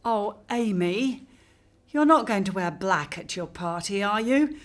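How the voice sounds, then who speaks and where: A woman's voice: mid-range voice, expressive, a little slow, close to an everyday voice. An actress playing a middle-aged mother who fusses over her daughter in a doting, teary way in a radio drama. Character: fussy emotional widowed mother.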